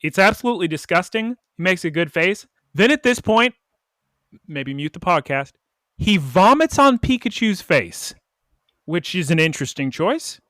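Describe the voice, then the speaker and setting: A man co-hosting a casual podcast, animatedly retelling a cartoon episode with quick quoted voices and laughs. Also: sits high, big pitch swings, fairly bright tone, dry recording, studio quality. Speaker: podcast co-host.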